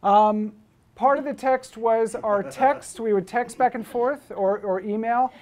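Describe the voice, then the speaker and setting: A man's voice: very high voice, steady tone, measured pace. A man, a photographer and book publisher, giving an anecdotal lecture to students at a school, telling stories in a conversational way with many fillers and restarts.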